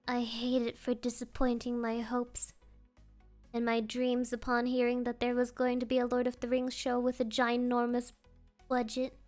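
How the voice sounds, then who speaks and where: A woman's voice: fairly high pitch, completely flat delivery, normal speed, darkish tone, soft background music. A woman streamer chatting casually with her viewers, playful and rambling, often laughing.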